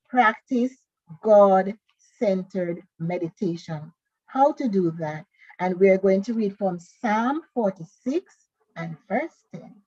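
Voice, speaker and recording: Bible study teacher, woman, husky and unhurried, muffled lo-fi stream audio. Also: medium pitch, a little mellow, dry recording. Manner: slow, careful reading of scripture and worksheet questions.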